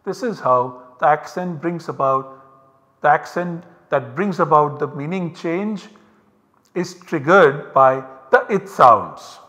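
A man with a slightly higher voice lectures to a class, patiently walking through each step and repeating key points. His voice carries a long reverb, as if recorded in a lecture hall. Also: animated, slow, sharp tone. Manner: methodical, explains step by step with repetitions. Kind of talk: university lecture.

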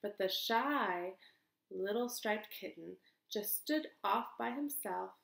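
A woman teacher reading a picture book aloud to children in an expressive, sing-song way. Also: medium pitch, slow, vocal fry. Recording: echoey room.

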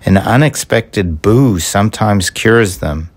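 A man's voice: fairly low pitch, lively intonation, takes it slowly. A man voicing a polite, apologetic male squirrel in a storybook reading.

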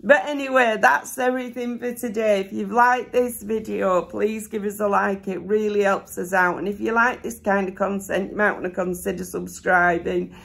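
Gravelly Yorkshire mum vlogger, sore throat. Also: female voice, medium pitch, fairly even intonation, normal speed, few pauses, a bit bright. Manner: rambling, homely, filler-heavy. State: sore throat, voice a bit rough; slightly out of breath. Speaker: haul vlogger. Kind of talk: casual chatty haul vlog. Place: seated indoors.

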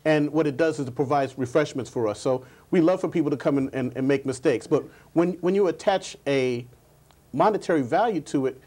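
Male guest speaker, higher-pitched, earnest, tells anecdotes and doubles up his words. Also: brisk, mellow. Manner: earnest storyteller, repeats words. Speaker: guest, public speaking coach. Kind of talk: interview answers.

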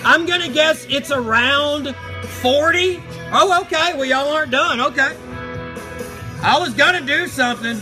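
A man voicing a crude, foul-mouthed, grumpy male box monster who hosts a live stream with shouty, mock-outraged rants. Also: very high-pitched, a little slow, low-quality recording. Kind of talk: live stream chat in character. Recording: music playing behind the voice.

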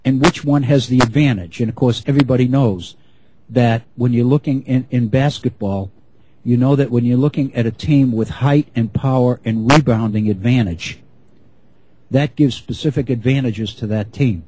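A middle-aged man giving an unscripted history lecture, measured and often restarting his phrases. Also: medium pitch, mellow, slightly rough, low-quality recording.

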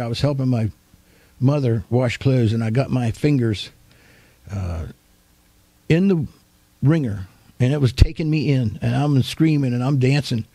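An older man preaches in an easygoing, homespun storytelling style, his voice warm and mellow. He retells his memories vividly and with animation. The sound is dry and close, with no room around it. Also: mid-range voice, creaky, dry recording. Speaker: pastor. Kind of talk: storytelling sermon.

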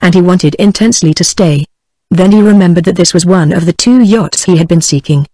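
A British woman narrating a storybook in a steady, even text-to-speech reading. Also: fairly low pitch, fairly quick, no echo, rough recording. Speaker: audiobook narrator. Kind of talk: scripted narration.

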